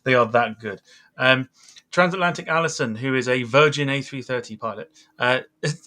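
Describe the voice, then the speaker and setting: A man's voice: mid-range voice, normal speed, bright, forceful tone. A man hosting a podcast, chatting casually with lots of fillers and easy laughter. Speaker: podcast host. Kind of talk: casual chat.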